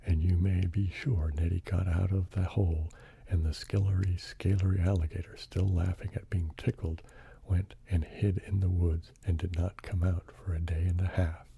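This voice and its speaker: Hushed, gravelly man reading a bedtime story. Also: deep voice, fairly even intonation, normal speed, dry recording. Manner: hushed, partly whispered narration. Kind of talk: soft-spoken ASMR bedtime reading.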